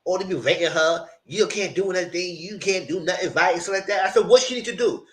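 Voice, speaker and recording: A man's voice: high-pitched, fairly quick, fairly bright tone. A man hosting a casual live recap of reality TV. He talks bluntly and profanely and laughs often. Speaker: channel host reviewing reality TV.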